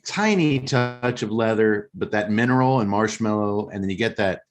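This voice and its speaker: A man's voice: on the low side, moderate pace. A man hosting a casual talk show, rambling and joking as he recaps a movie plot. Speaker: podcast host.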